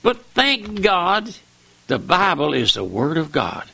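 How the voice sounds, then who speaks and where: A man's voice: wildly swooping pitch, takes it slowly, gravelly, sharp tone, husky, no echo. An older man with a Southern US accent preaching a folksy radio sermon, fervent and repeating his appeals to the listener. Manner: fervent, repeats "my friend", pitch leaps high for emphasis.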